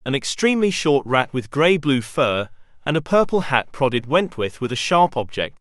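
A man reading a children's storybook aloud in an expressive way. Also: mid-range voice, moderate pace, dry recording, studio quality. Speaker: narrator. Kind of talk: storybook narration.

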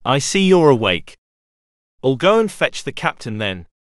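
A man's voice: mid-range voice, big pitch swings, a little slow, dry recording, studio quality. A man voicing a sniffly, snappish male pirate rat with a pencil leg in a storybook.

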